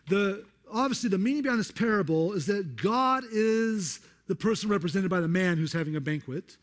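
A man preaching a sermon, conversational and animated, acting out the quotes of the people in his Bible passage. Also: high-pitched, a little fast, hardly any pauses. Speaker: pastor.

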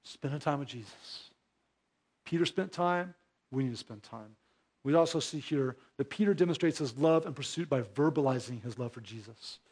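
Preaching at normal speed, this man serves as pastor, alternating quiet, low-voiced asides with forceful exhortation. He poses rhetorical questions to his congregation.

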